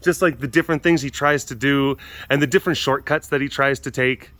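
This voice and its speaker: A man's voice: medium pitch, steady tone, a little fast, fairly bright tone, no echo. A man hosting a webcast from an animal compound outdoors, chatting in a rambling way with lots of fillers, laughing often and acting out quotes. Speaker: host of a wild animal facility webcast. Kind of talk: rambling casual chat.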